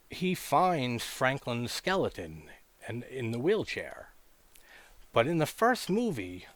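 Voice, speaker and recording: A man's voice: medium pitch, no echo. A man hosting a casual film discussion, talking with enthusiasm, laughing often and swearing casually. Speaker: horror film reviewer.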